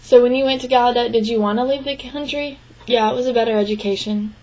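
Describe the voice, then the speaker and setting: A young woman interpreting a signed interview into spoken English, speaking in short, halting phrases with restarts and frequent throat clearing. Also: fairly high pitch, steady tone, darkish tone, low-quality recording. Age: young adult. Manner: clears her throat often. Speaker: sign language interpreting student.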